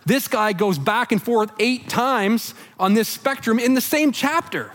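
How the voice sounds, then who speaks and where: A man preaching a sermon in church, earnest and conversational, often dropping soft and low on heavy lines. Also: unhurried. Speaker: pastor.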